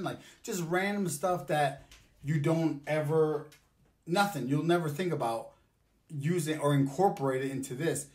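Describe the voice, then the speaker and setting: A man with a fairly high voice hosts a casual mukbang vlog. He talks loosely and jokes around, rambling through his asides with plenty of fillers. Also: measured pace, darkish tone. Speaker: host.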